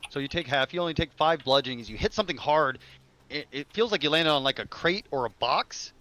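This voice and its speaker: Man, game master, tabletop game narration, casual, halting, lots of fillers. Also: a little high, lively intonation, pushed and bright, no echo.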